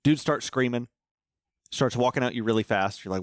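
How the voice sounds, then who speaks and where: A man co-hosting a casual podcast chat, swearing freely and spinning animated stories and hypotheticals. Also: medium pitch, moderate pace, no room sound, clean studio sound. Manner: profane, animated storyteller posing hypotheticals. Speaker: podcast co-host.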